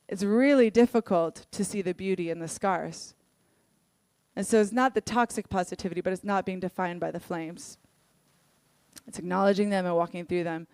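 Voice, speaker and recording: Young woman, church worship leader, sermon told through candid personal stories; clear, smooth voice; dry recording. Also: medium pitch, moderate pace, no echo. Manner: earnest, candid storytelling with lively acted-out quotes.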